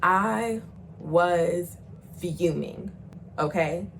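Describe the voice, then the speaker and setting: A woman's voice: fairly low pitch, very slow, gravelly, slight background noise, rough recording. A young woman vlogger telling a personal story in a casual, slangy way, swearing freely and acting out the voices of the people she quotes.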